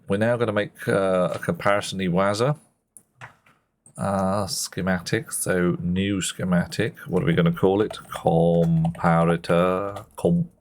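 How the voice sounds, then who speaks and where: A man giving chatty, self-mocking commentary while playing a game on a live stream, muttering asides to himself. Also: low voice.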